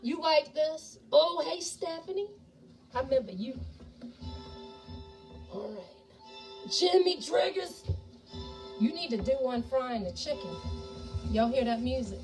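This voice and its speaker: Woman host, folksy kitchen chatter, somewhat high voice, mic set back, music behind. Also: very animated, takes it slowly, long pauses, recorded from a distance, low-quality recording. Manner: folksy, talks to viewers as y'all. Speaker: home cook and ghost tour guide. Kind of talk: chatty cooking video. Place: home kitchen.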